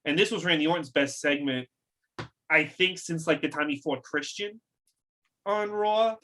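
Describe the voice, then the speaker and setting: Bright, slightly high man giving hot takes. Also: normal speed, slight background noise. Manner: emphatic, profane opinions. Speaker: podcast co-host. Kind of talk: casual wrestling chat.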